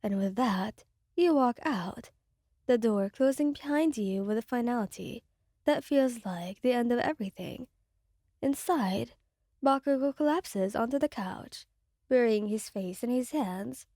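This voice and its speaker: Woman narrator for a sad ASMR fan story; quiet, mellow, close and dry. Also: a little high, lively intonation, a little slow, no room sound.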